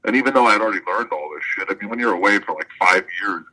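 A professional wrestler, answering an interview question as a guest, tells a loose, rambling story in a very low, deep voice. He speaks rapid-fire with a sharp tone, swears freely and leans heavily on "like" in casual conversation. The recording quality is low.

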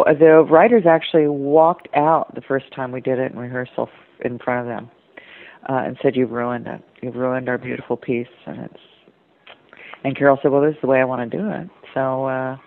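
A woman's voice: rumbling low, creaky. Older lady telling stories in an interview, laughs a lot, tinny phone-ish sound. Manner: chatty storyteller, laughs often, quotes others. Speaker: actress interviewed. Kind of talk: relaxed anecdotal interview. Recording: tinny phone-like audio, dry.

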